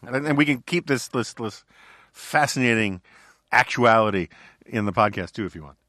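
A man hosts a podcast in an easygoing, amused way, chatting loosely. His tone is bright and lively. The sound is dry and close to the mic. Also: lowish voice, normal speed, dry recording. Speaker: podcast host. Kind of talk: casual chat.

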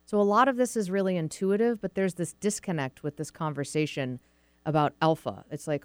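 A woman's voice: on the low side, a little fast, clean tone, no room sound. A woman hosting a dog podcast, talking casually and acting out what dogs and owners might say, with a light Pacific Northwest American accent. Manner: chatty, acts out quoted voices of dogs and owners. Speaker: podcast host, dog trainer. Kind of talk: casual explanatory talk.

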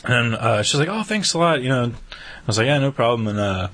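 Male podcast co-host, husky voice, lively storyteller who acts out every quote. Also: medium pitch, a little fast. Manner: animated storytelling, acting out quoted dialogue. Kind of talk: casual chat.

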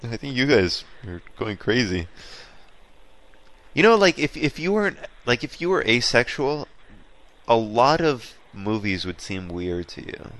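A man's voice: medium pitch, big pitch swings, a little slow, fairly bright tone. A man co-hosting a casual comedic podcast chat, blunt and laid-back, laughing often. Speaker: podcast co-host.

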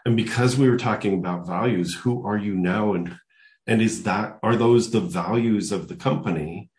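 An older man with a deep, low-pitched voice tells a personal story to an interviewer. He is animated and keeps acting out the voices of the people in his story. The recording has a noticeable room echo. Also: normal speed. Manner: animated storyteller who acts out quoted voices. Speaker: guest. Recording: echoey room.

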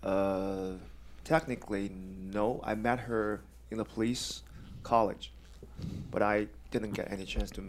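Podcast guest: thirties man, Chinese accent, low gravelly voice, halting delivery. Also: steady tone, a little hiss or hum. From China. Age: 30s. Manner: halting, plain phrasing with pauses. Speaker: guest, coach and police officer. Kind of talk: podcast interview.

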